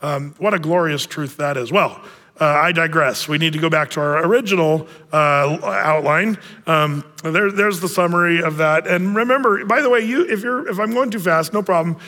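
A man's voice: a little high, normal speed, pushed and bright, long reverb tail. A male pastor delivering a conversational sermon, speaking with frequent fillers and restarts.

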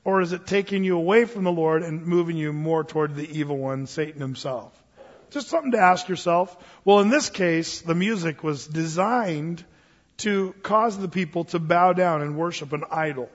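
A man preaching a sermon in a church, telling stories with animated delivery and acting out the voices of others. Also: fairly high pitch, moderate pace, long reverb tail, muffled recording. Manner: animated storytelling, acts out quoted voices. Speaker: pastor.

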